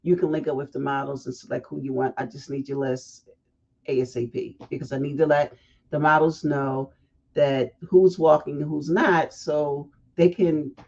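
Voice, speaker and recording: Give me a lively woman chatting on a livestream through muffled, lo-fi audio. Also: low voice, moderate pace. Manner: chatty, animated, breaks off into asides and laughs at herself. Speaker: fashion week organizer hosting a livestream. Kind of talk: casual livestream chat.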